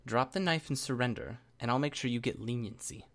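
A man's voice: mid-range voice, a little fast, close to an everyday voice. A man voicing a brash, cocky teenage superhero girl who talks bluntly and confrontationally.

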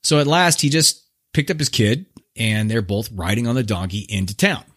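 A podcast host retells an old fable on his own show as a casual storytelling monologue, laid-back, slangy, and joking. He speaks at normal speed in a mid-range voice that's husky and a bit bright.

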